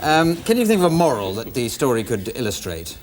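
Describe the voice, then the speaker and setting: A man's voice: medium pitch, sing-song, fairly quick. A British man hosting a live improv show, bantering dryly with the audience. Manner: wry, dry banter with the audience. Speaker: show host. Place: TV studio with audience. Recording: live studio audience, background noise.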